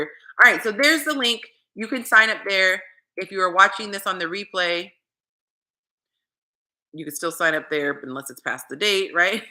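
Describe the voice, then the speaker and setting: A woman dating coach chatting casually on a livestream, animated and talking straight to her viewers. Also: on the low side, fairly quick.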